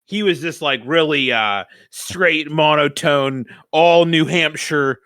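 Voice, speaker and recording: A man's voice: fairly high pitch, slow pace, dry recording, clean studio sound. A young man co-hosting a podcast in casual chat, telling stories with lots of laughter and swearing. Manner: animated storyteller, swears freely, laughs often. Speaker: podcast co-host.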